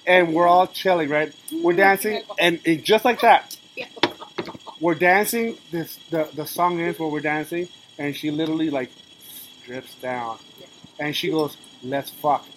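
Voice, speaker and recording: A man as a podcast guest, telling a crude, animated story in casual chat. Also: on the high side, unhurried, a little hiss or hum, poor audio.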